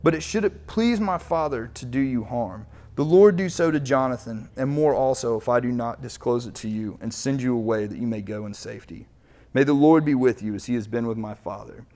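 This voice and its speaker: A man's voice: mid-range voice, a little fast, dark tone. A man preaching as pastor, reading scripture aloud and retelling it in casual everyday speech.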